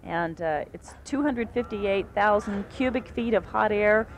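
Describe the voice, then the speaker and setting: A woman's voice: mid-range voice, a little slow. A woman co-anchoring live outdoor TV coverage of an event, conversational and informative. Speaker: TV news anchor. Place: outdoors at a festival field.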